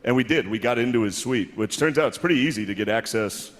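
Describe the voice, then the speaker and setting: A man's voice: medium pitch, fast talker. Man doing stand-up in an echoey hall. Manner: rambling anecdotal delivery with laughs. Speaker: comedian. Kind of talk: stand-up at an awards show. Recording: echoey hall with faint noise.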